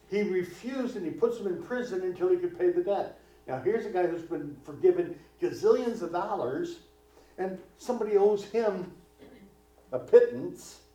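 A man's voice: medium pitch, mellow. A male pastor preaching a sermon in a conversational way, full of rhetorical questions. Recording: distant, echoey, dull hall recording.

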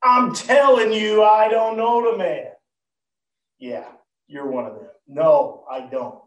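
A man's voice: medium pitch, slow, mellow, pitched below the performer's own voice, close to an everyday voice. A man voicing an impulsive fisherman disciple, blunt and insistent, in a retold story. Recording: roomy, far from the mic.

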